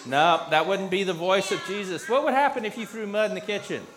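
Man, slightly high voice, leads a children's sermon with patient, simple questions. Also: a little fast, a bit bright. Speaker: pastor leading a children's message.

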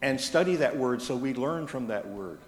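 A pastor delivers a Sunday sermon, telling stories with a light touch of humor. His voice sits at an ordinary middle pitch. It carries through a roomy church hall with a long reverb tail. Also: animated, moderate pace, a little hiss or hum. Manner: storytelling with gentle humor. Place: church sanctuary. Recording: echoey church hall from a distance.

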